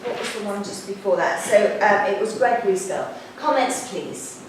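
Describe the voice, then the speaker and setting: A woman runs a drama class and gives brisk, practical notes to her students. She is picked up from some distance in a very echoey classroom, with a faint hiss of noise underneath. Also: mid-range voice, lively intonation. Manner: brisk and directive, quick instructions. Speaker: drama teacher. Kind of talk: classroom feedback session.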